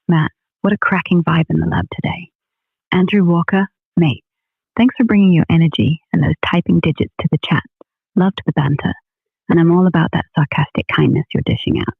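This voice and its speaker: A synthetic woman's voice with a northern English lilt chats in breezy, slangy British banter. Her tone is gravelly and a little husky. It comes through a dry, tinny, phone-like line. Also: lowish voice, normal speed, no echo. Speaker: AI co-host. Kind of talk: cheerful synthetic chat sign-off.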